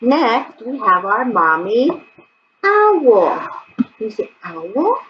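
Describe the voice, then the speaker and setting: A woman's voice: on the high side, takes it slowly. A woman teaching toddlers in a singsong, exaggerated way, recorded with dull lo-fi sound. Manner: exaggerated, animated, sing-song. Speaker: preschool teacher. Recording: dull lo-fi sound, faint background noise.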